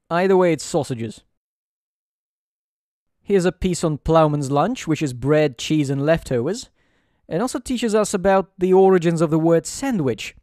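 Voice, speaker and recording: A man hosting a let's play with dry, sarcastic commentary. His voice sits fairly high. The recording is close and dry. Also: lively intonation, normal speed, a little mellow, dry recording. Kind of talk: gameplay commentary.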